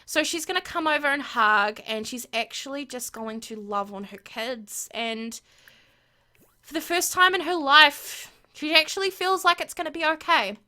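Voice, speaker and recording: A woman's voice: high-pitched, expressive, normal speed, bright, forceful tone. A woman hosting a gameplay video, narrating in an emphatic, chatty way with lots of fillers. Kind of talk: casual gameplay commentary.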